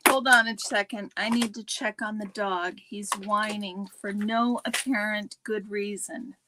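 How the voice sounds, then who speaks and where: A woman's voice: medium pitch, fairly even intonation, measured pace, noisy background. A woman hosting a casual livestream, chatting and greeting viewers by name. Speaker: livestream host.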